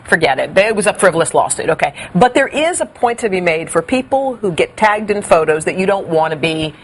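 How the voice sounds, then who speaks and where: A woman's voice: on the low side, big pitch swings, a little fast, slight background noise. A woman co-hosting a morning talk show, chatty and easygoing as she tells a story. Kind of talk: casual morning TV banter.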